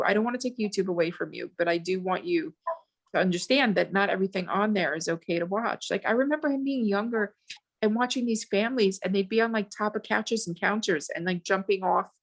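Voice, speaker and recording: A woman in her forties, a podcast guest, talking in a rambling, animated way with many restarts. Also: medium pitch. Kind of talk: casual podcast chat.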